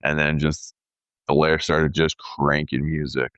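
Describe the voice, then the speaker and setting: A man in his thirties telling a story in casual podcast chat, animated and peppered with "dude" and "like". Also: rumbling low, unhurried, clean tone, no echo, highs cut off. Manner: animated storyteller, says "dude" and "like", acts out quoted voices. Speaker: podcast co-host.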